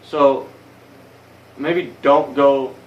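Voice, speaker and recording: A man's voice: mid-range voice, steady tone, very slow, recorded from a distance, muffled recording. A young man telling a story in a casual vlog, rambling and swearing a lot, heated and blunt. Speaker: vlogger. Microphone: phone camera.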